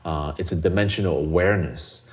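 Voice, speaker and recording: A man with a deep, low-pitched voice hosting a relaxed podcast conversation. He talks earnestly, circling back and restarting as he reaches for the right words. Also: fairly quick. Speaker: podcast host. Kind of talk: casual conversational podcast chat.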